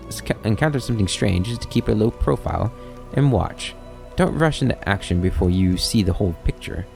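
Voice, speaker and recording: A man's voice: lowish voice, vocal fry, a little mellow. A man voicing a sly, talkative male kobold schemer with a wry, rambling, mock-innocent manner.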